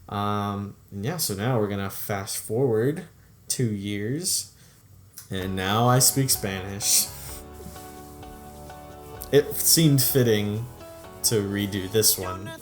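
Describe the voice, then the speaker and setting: A man's voice: on the low side, a little slow, soft background music. A young man casually commenting on his old videos, chatty and upbeat, laughing often and trailing off. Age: young adult. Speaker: YouTube creator reviewing his own videos.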